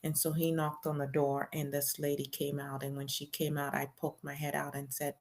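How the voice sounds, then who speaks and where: A woman with a low, gravelly voice reads a memoir aloud in the first person. She keeps it conversational, with casual fillers, like someone telling her own story. Her delivery is plain and unhurried. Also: monotone. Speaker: host reading a memoir aloud.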